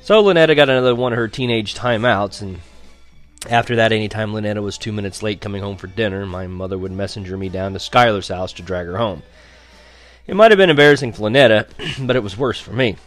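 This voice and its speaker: A man's voice: on the low side, fast, fairly bright tone, faint music behind. A young man narrating a first-person story in a wry, conversational way. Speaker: audiobook narrator.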